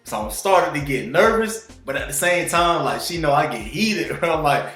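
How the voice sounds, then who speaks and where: A man's voice: a little high, lively intonation, moderate pace, a bit bright. Laid-back young man telling a story. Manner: laid-back slang, calls listeners bro. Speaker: vlogger. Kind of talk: casual storytelling to viewers. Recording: roomy echo with faint music.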